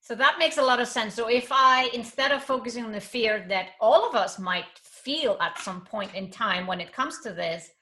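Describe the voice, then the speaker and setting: Bright-voiced woman interview host. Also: fairly high pitch, normal speed, hardly any pauses. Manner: short affirmations, reflective follow-up questions. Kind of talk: conversational interview.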